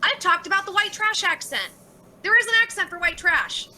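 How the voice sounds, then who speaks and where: A woman's voice: very high voice, lively intonation, moderate pace, sharp tone, slight background noise, low-quality recording. A woman livestreaming and reading out chat messages, talking bluntly with lots of swearing and exasperation.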